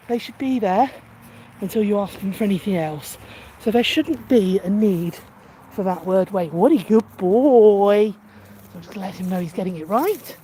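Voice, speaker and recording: A female dog trainer runs a live demonstration, calmly walking through each step before bursting into high, gushing praise for her dog. There's a faint hiss or hum in the background.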